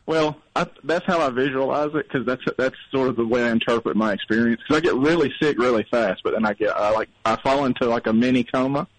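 Calling into a radio show, a North Alabama man rambles in a wry, self-deprecating way while recovering from being sick. His mid-range voice moves fast with few pauses, and the poor-quality audio carries a little hiss or hum.

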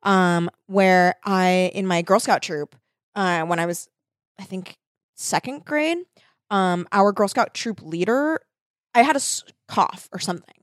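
A woman co-hosting a podcast, telling rambling personal stories with many restarts and sudden shouted punchlines. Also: mid-range voice, measured pace, no echo, clean studio sound. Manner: rambling, self-interrupting, bursts into shouting when telling stories. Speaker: podcast co-host. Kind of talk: casual chat, storytelling.

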